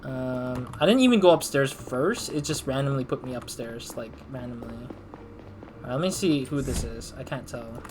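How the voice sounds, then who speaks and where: A man's voice: medium pitch, normal speed, slight background noise. A man doing let's play commentary, rambling and thinking aloud in a self-deprecating way. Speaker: gamer.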